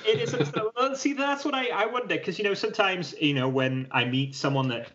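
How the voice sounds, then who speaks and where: A man's voice: sits high, fast, a bit bright. A British man co-hosting a casual chat, self-deprecating and rambling, often restarting sentences. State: keeps clearing his throat. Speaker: podcast co-host. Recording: slightly dull lo-fi sound.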